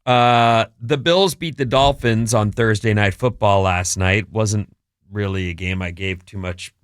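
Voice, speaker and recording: A man's voice: lowish voice, unhurried, smooth, no echo, clean studio sound. A middle-aged man co-hosting a morning radio show, upbeat and teasing, reading ads and news. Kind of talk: casual radio banter and ad reads.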